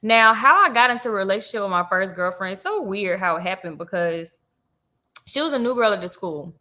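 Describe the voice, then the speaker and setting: Young woman, casual storytime vlog, chatty, bright clear voice. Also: medium pitch, brisk. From Georgia, US. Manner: chatty, animated, acts out quoted voices. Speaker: vlogger.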